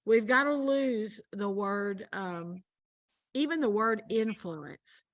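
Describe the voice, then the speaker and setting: A woman's voice: mid-range voice, lively intonation, slow, no echo. A woman speaking as a guest minister in a casual faith conversation, telling a story earnestly and with emphasis.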